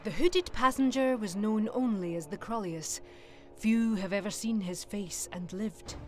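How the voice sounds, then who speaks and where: A woman reading an audio story as narrator, lively and expressive. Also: mid-range voice, unhurried, faint music behind.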